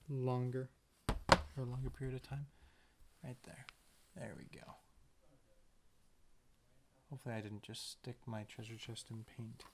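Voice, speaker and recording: A man's voice: mid-range voice, noisy background. A man casually narrating as he paints a tiny picture, rambling to himself with playful sound words. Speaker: painter and video maker.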